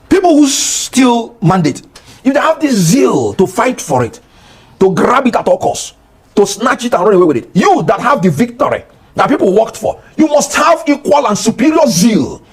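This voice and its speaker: A middle-aged Nigerian man speaking with an accent as a guest on a political talk show, passionate and rising toward shouting. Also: high-pitched, very animated, normal speed, husky. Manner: impassioned, rising to near shouting.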